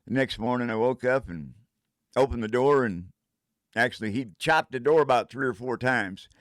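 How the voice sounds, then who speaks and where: A man's voice: medium pitch, normal speed, no room sound, studio quality. An older man telling a casual first-person story in a rambling way, breaking into vocal sound effects.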